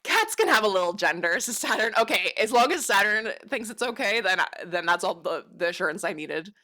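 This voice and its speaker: A woman's voice: medium pitch, expressive, brisk, sharp tone. Giggly, bubbly woman streamer. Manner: giggly, bubbly, swears freely, reacts to chat. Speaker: livestreamer. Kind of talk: casual livestream chat.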